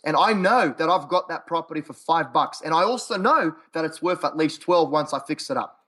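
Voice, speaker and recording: A man's voice: fairly high pitch, lively intonation, brisk, hardly any pauses, a bit bright. A man with an Australian accent, a podcast guest telling his stories in a punchy, quote-heavy way. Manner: punchy, quote-heavy, repeats himself for emphasis. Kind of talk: casual interview chat.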